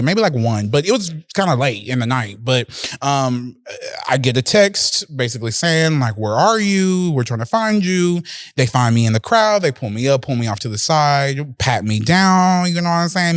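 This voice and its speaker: A male podcast host telling a personal story in a casual, animated way, swearing freely and laughing often. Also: medium pitch, no room sound, clean studio sound.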